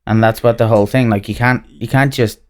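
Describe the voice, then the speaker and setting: An Irish man from Ireland talks through his answers as a podcast guest. His voice sits on the low side, and he rambles along with lots of ums and likes in a casual, conversational way. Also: steady tone, brisk, darkish tone. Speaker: podcast guest, whiskey brand representative. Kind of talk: casual interview chat.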